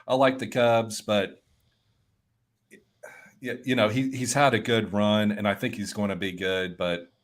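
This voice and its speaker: A man co-hosting a casual sports podcast, speaking in a lowish voice. He is opinionated but keeps stumbling into restarts before he lands his point. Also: little pitch movement, measured pace, pauses often. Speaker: podcast co-host. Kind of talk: casual fantasy baseball chat.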